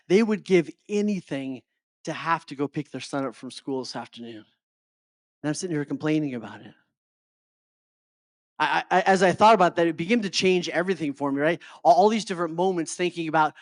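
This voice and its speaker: A man's voice: fairly high pitch, a bit bright, no room sound, studio quality. A middle-aged man giving a motivational talk to a live audience as a life coach. He keeps checking in with his listeners and often stumbles over and repeats his words.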